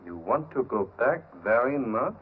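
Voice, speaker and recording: An actor playing an ingratiating shopkeeper who coaxes a young woman with soft, smooth talk, in 1930s film acting. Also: medium pitch, big pitch swings, unhurried. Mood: coaxing. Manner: coaxing, smooth-talking. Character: ingratiating male shopkeeper with a French shop name. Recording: tinny 1930s film soundtrack with hiss.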